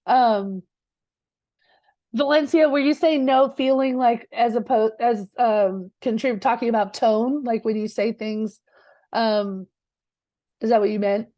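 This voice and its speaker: Woman real estate coach, kinda high voice, talks straight to the class, no room echo at all. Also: fairly even intonation, a little slow, mellow, muffled recording. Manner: direct, conversational, with many rhetorical 'right?'s. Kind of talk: live teaching session.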